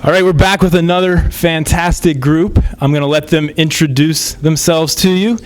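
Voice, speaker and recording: A man's voice: fairly high pitch, steady tone, moderate pace. A man interviewing a group of students on camera in a friendly, plain manner. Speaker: prom interviewer.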